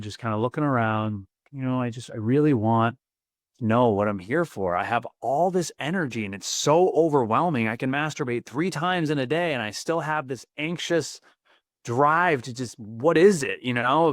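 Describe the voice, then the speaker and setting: A man as a podcast guest, telling a personal story in an earnest, vivid and excitable way, often repeating words. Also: mid-range voice, no room sound, clean studio sound.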